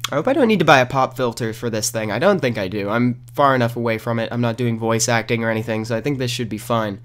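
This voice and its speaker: A man giving casual, rambling gameplay commentary at home into a new desk microphone, breaking into loud outbursts at the game. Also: medium pitch, fast. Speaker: gaming commentator. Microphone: new desk condenser microphone.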